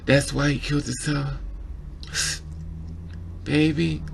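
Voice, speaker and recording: A man's voice: fairly high pitch, level tone, slow pace, vocal fry, slight background noise. A man giving an emotional opinion vlog about a documentary, repeating himself and stammering when upset. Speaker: vlogger reviewing a documentary.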